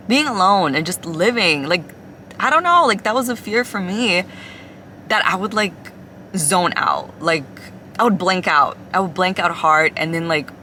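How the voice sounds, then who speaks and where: A woman's voice: on the low side, sharp tone, slight background noise. A young woman from Ecuador and the US, confiding in a rambling casual chat to a phone camera inside a car, full of "like" fillers. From Ecuador, then the US. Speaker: vlogger.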